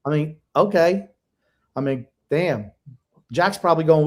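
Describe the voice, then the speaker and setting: A man's voice: a little high, animated, measured pace. An older man co-hosting a sports podcast, blunt and emotional in casual chat. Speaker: podcast co-host.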